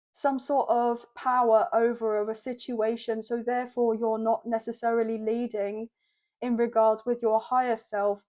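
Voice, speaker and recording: A woman gives a channelled tarot reading in a steady, flowing stream. Her voice sits fairly high but sounds mellow and soft. She keeps coming back to what she is hearing from spirit. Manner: flowing, repeats "I'm hearing" while channelling messages. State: choked up with emotion. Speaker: tarot card reader.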